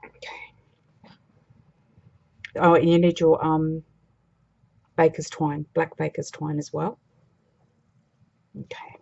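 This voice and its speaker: A woman's voice: deep voice, level tone, takes it slowly, creaky, pauses often, mellow, lo-fi sound. A woman demonstrating a craft project in a chatty, casual way, thinking aloud as she works. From Australia.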